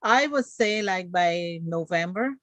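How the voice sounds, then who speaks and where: A woman's voice: lowish voice, expressive, measured pace, a bit bright, no echo. A woman with a Guyanese accent, a guest actress and comedian, who chats and laughs often in a casual interview. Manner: chatty, laughs often between lines. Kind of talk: casual live-stream interview.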